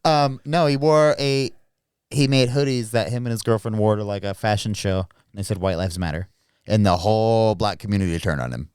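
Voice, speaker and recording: A man with a lowish, smooth, resonant voice chats bluntly on a podcast and swears freely. He is recorded close and dry, with almost no room sound. He often restarts his sentences as he talks. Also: moderate pace, a little mellow, no echo. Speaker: podcast host. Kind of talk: casual chat.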